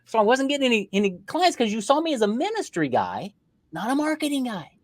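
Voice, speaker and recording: Middle-aged man telling a lively story. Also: very high voice, fast, no room sound. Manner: lively storyteller who acts out dialogue in changed voices. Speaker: podcast guest. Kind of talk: casual interview storytelling.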